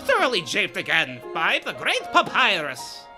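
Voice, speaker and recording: A woman's voice: on the low side, huge pitch swings, normal speed. A woman voicing a boastful, theatrical male skeleton who loves puzzles, with grand, exclaiming delivery over game music. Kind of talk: live fan voice-over of a game.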